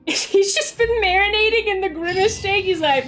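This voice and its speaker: A young woman chatting casually while livestreaming a game, swinging between mumbled asides and loud squeals. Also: very high voice, normal speed, soft background music. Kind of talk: casual gaming stream chat.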